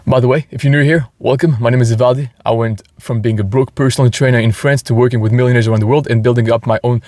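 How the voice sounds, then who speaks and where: A man's voice: medium pitch, fairly even intonation, quick pace, a little mellow, no echo. A man hosting a motivational podcast, talking earnestly and enthusiastically, with frequent restarts. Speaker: podcast host.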